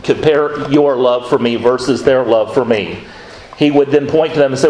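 A man's voice: medium pitch, moderate pace, a little mellow, a little hiss or hum. Conversational male pastor preaching in an echoey room. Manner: conversational, quoting scripture with acted asides. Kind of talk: sermon.

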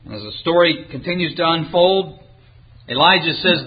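Retelling a scripture story in a sermon, this preacher reads the old-fashioned King James wording aloud and animatedly performs each character's lines. He speaks on the high side at normal speed, a bit rough, with the highs cut off in the recording.

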